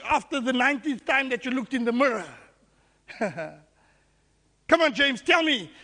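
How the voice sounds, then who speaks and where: A man's voice: very high voice, sharp tone. A man preaching a sermon as pastor, repeating words and restarting as he questions his congregation, recorded in a church hall. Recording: echoey hall.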